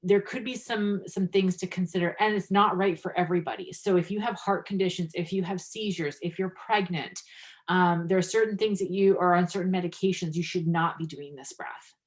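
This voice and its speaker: A woman's voice: on the low side, brisk. A woman guest coach talking in a podcast interview, earnest and filler-heavy, livening up when she tells stories about her classes. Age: adult, practicing five years. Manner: earnest, many fillers, lively when telling anecdotes.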